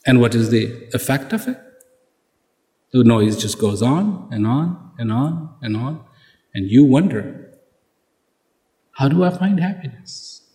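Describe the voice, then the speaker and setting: A man's voice: mid-range voice, lively intonation, unhurried, pauses often, mellow. A man giving a motivational speech, building his points with rhetorical questions, repeated words and acted-out exchanges. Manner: emphatic, repeats key words. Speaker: public speaker. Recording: echoey hall reverb.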